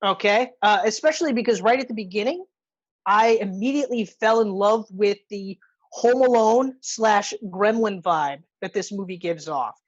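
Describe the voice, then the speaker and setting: A woman's voice: mid-range voice, normal speed, no room sound, lo-fi sound. A woman co-hosting a podcast, chatting casually and gushing enthusiastically about a movie, swearing freely. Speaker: podcast co-host. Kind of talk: casual movie review chat.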